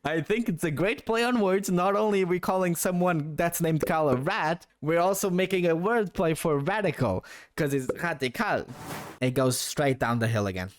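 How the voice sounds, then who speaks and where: A young male YouTuber with a voice on the high side ranks names at a normal speed. His commentary is playful and casual, with frequent laughter and the occasional swear word.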